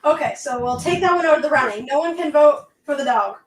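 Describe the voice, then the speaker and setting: High-voiced woman in an echoey room. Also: lively intonation, fast talker, distant mic, a little hiss or hum. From Canada. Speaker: livestream co-host. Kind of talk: casual livestream chat. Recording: roomy sound from off the mic.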